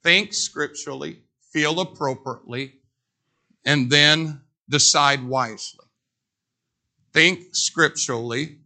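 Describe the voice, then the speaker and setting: A middle-aged man preaching a sermon as a pastor in a church, emphatic and repeating phrases with dramatic pauses. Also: on the high side, creaky, bright, forceful tone. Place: church sanctuary.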